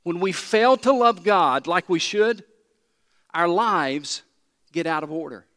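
A man preaches in a fairly high voice, slowing to drive home repeated phrases. His words ring out with the long reverb of a large church hall. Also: lively intonation, fairly bright tone. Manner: emphatic preaching, slows and repeats key phrases. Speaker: pastor. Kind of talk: sermon.

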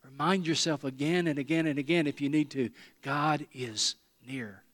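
Male pastor, somewhat high voice, earnest repetitive sermon with call and response, reverberant church hall. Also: moderate pace, fairly bright tone. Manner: emphatic, earnest preaching with repetition; leads the congregation in call and response. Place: church sanctuary before a congregation.

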